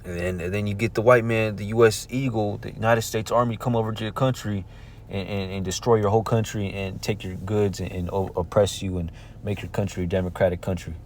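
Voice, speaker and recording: A man's voice: fairly low pitch, fairly even intonation, a little fast, a little hiss or hum. A man preaching informally from scripture, talking conversationally and checking in with "all right?" and "man" between verses he reads aloud. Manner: reads verses aloud in old-fashioned wording.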